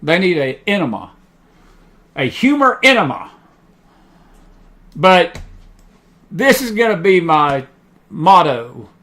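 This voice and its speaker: A man with a high, light voice hosts an online talk show from what sounds like a home studio. He talks in a loose, chatty way, trailing off and restarting often, with plenty of ums and uhs between his thoughts. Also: very animated, takes it slowly, pauses often, fairly bright tone. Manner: chatty, rambling, many fillers. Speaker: host. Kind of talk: casual talk show monologue.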